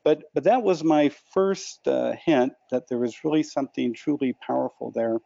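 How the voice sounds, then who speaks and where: Man, interview guest, gravelly voice, dry close sound, muffled, stammers and repeats words. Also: mid-range voice, moderate pace, warm tone, dry recording. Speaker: interview guest, lucid dreaming author. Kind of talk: reflective storytelling.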